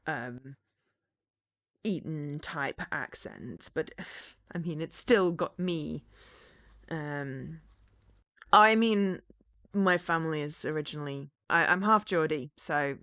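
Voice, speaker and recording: Chatty English woman streamer, lowish voice. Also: a bit bright, dry recording, clean studio sound. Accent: English, fairly neutral. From English Midlands. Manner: rambling, self-deprecating, many fillers and restarts. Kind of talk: casual live-stream chat while gaming.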